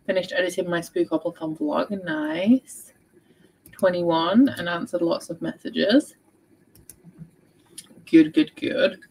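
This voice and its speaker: A woman's voice: lowish voice, takes it slowly, pauses often, darkish tone, breathy edge, poor audio. A young woman hosting a reading livestream, chatting casually and reading out viewers' updates. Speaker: book vlogger hosting a readathon livestream. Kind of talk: casual chat.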